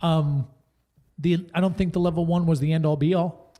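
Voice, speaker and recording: A man co-hosting a relaxed podcast talks in a somewhat high voice. He rambles, jokes and corrects himself mid-sentence as he works through his thoughts. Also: normal speed, slight background noise. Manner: rambling, self-correcting, jokey. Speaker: podcast co-host. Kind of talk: casual podcast chat.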